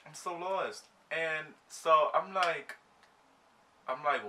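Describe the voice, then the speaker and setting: Animated young man telling a storytime. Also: a little high, slow, distant mic, a little hiss or hum. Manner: animated, slangy, acts out his own reactions. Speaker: vlogger. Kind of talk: storytime while getting ready.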